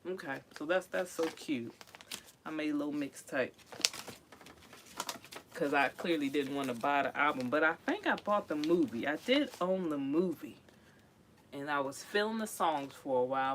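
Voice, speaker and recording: In a fairly low voice at a moderate pace, with a little hiss or hum, a woman from Philadelphia chats animatedly in her vlog. She goes through old items in her tiny home on wheels and occasionally bursts into song snippets.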